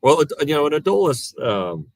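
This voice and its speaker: A middle-aged man guests on a sports podcast as an analyst, chatting casually in a slightly high, very animated voice at a brisk pace, with no echo. He rambles, using lots of fillers and restarts.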